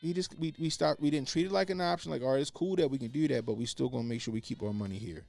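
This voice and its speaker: Gravelly, blunt-talking man. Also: medium pitch, racing, darkish tone, faint music behind. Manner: blunt, profane, repeats points for emphasis. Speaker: podcast co-host. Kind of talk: casual opinionated commentary.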